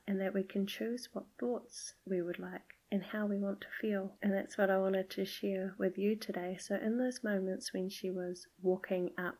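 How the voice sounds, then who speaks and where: A middle-aged woman hosting a podcast, gently telling a personal story in a soft, often half-whispered voice. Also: medium pitch, gravelly, low-quality recording. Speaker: podcast host.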